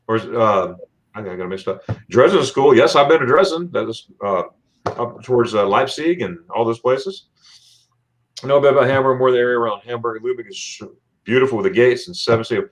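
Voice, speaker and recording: This is a chatty man hosting a livestream and reading viewer comments aloud. He rambles and restarts his sentences with lots of fillers. His pitch sits in a middle range. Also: lively intonation, a little fast. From Florida. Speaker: livestream host.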